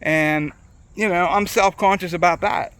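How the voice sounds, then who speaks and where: A man's voice: sits high, steady tone, unhurried, fairly bright tone, clean tone. A middle-aged man with a faint lisp from his dentures, talking casually and rambling to camera, swearing freely. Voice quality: slight lisp from loose dentures. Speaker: vlogger.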